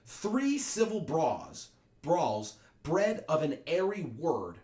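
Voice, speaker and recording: A man voicing a stern male ruler rebuking feuding subjects in a slow, commanding proclamation. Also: mid-range voice, lively intonation, close to an everyday voice. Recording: echoey room.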